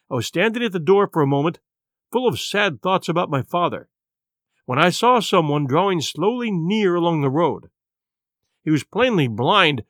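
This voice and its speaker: Male audiobook narrator, slightly high voice, dramatic storybook reading. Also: fairly bright tone, no room sound, studio quality. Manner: dramatic, varied pacing.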